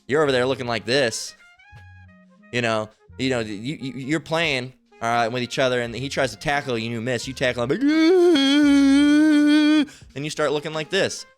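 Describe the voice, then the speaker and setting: A man giving informal online Bible teaching, rambling and profane, repeatedly asking "all right?" and slowly reading verses aloud. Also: medium pitch, fairly bright tone, soft background music. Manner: reads scripture aloud slowly.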